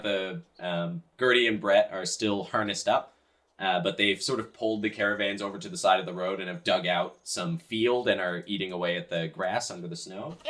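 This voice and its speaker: Low-voiced man narrating a tabletop game. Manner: relaxed, descriptive, frequent fillers. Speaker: game master.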